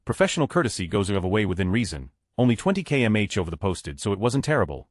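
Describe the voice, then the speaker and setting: A man reading Reddit stories aloud as a narrator, in a brisk, steady read-aloud delivery. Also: lowish voice, dry recording, clean studio sound. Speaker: story narrator.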